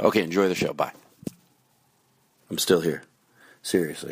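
A man's voice: rumbling low, moderate pace, creaky, long pauses, breathy edge, dry recording. A man hosting his podcast, rambling through plugs and announcements in a loose, self-mocking way. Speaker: podcast host. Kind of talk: casual podcast intro.

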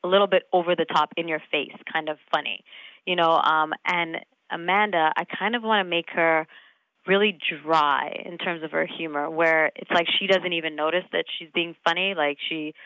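A woman in her thirties, an actress talking casually in an interview, animated, laughing often and full of fillers. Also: sits low, normal speed, dry recording, narrow, tinny audio. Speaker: actress guest.

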